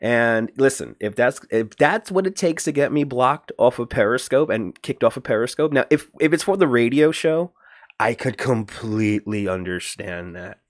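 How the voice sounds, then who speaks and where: A man hosting a casual livestream, rambling and greeting viewers by name, his voice jumping up when he gets animated. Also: mid-range voice, moderate pace, dry recording, clean studio sound. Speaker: livestream host.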